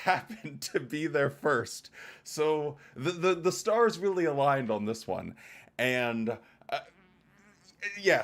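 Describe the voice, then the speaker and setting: A man hosting a casual livestream, greeting viewers in chat by name and chatting in a loose, rambling, joking way. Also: medium pitch. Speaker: livestream host.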